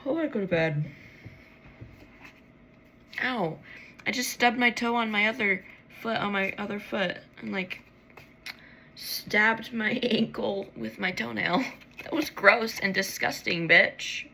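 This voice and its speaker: A woman's voice: medium pitch, measured pace, gravelly, sharp tone, a little hiss or hum. A tired woman rambling to herself late at night as she pulls tarot cards, swearing freely and yawning. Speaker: tarot reader.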